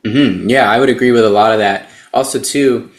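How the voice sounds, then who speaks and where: A man, a therapist and dating coach, who speaks as an interview guest in a measured way and explains things step by step. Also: lowish voice, roomy sound.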